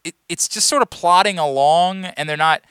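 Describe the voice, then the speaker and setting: A man co-hosting a casual chat and telling stories with animated, emphatic delivery. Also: high voice, normal speed, smooth, no room sound.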